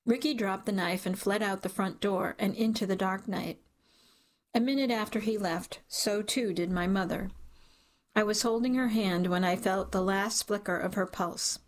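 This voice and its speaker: A woman reading a dark first-person story aloud in a measured, dramatic way. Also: mid-range voice. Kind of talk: scripted audiobook narration.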